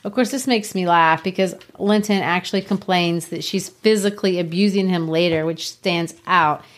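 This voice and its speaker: A woman's voice: lowish voice, normal speed. A woman co-hosting a podcast, chatting casually about a book and laughing often. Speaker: podcast co-host.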